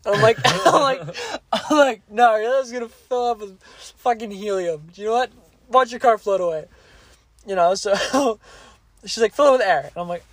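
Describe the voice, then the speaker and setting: Guy on a podcast rambling thru a story, swears a lot, kinda high voice, dry close sound. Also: moderate pace, a bit bright, no room sound. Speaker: podcast co-host. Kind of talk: casual chat, storytelling.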